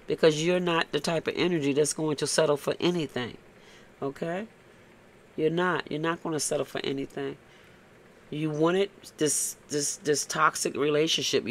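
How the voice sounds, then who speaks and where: A man's voice: a little high, vocal fry, slight background noise. A man giving a casual, blunt tarot reading, tagging "okay?" onto his points and cursing freely. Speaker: tarot reader.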